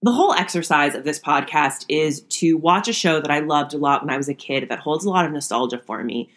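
A woman's voice: deep voice, a little fast, a bit bright. A young woman hosting a podcast, recapping an old sitcom episode in a chatty way, laughing often. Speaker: podcast host.

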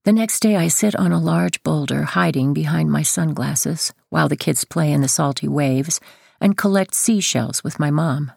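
Low, gravelly woman narrating a memoir. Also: no room sound, studio quality. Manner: steady, first-person storytelling. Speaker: audiobook narrator and author.

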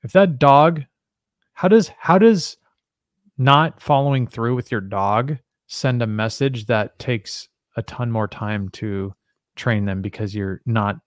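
A man's voice: mid-range voice, takes it slowly, no room sound, studio quality. A man co-hosting a podcast, chatting casually, joking with his partner and asking him questions. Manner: chatty, asks questions, jokes with his co-host. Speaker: podcast co-host.

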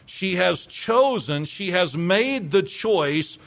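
A man's voice: high voice, expressive, slow, vocal fry, a bit bright. A male pastor preaching a sermon, emphatic, asking rhetorical questions and repeating phrases for weight.

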